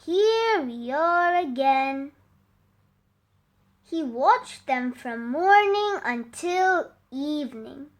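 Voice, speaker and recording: A woman reading a fable aloud for children in a slow, expressive, sing-song way. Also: sits high. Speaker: storyteller.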